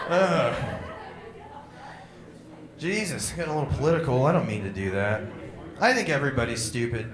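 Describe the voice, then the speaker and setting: A man's voice: mid-range voice, lively intonation, moderate pace, long pauses, roomy sound. A young man performing a crude, irreverent stand-up comedy set, mocking and blunt. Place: comedy club stage.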